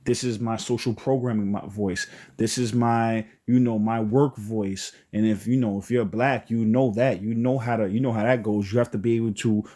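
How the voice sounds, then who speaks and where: A man's voice: fairly low pitch, steady tone, moderate pace, few pauses, warm tone. A man hosting a live-stream talk, speaking loosely and rambling, with many "you know"s. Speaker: host.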